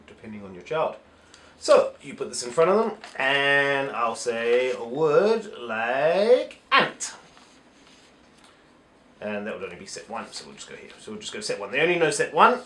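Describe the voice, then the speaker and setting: A man teaching phonics in a casual, step-by-step way, pausing on "so" and "uh" as he explains. His pitch moves freely up and down. He is recorded in a roomy, echoey space on a camera mic. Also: fairly bright tone, slight background noise. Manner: explains step by step, with many "so" and "uh" fillers. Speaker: English teacher. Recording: echoey room.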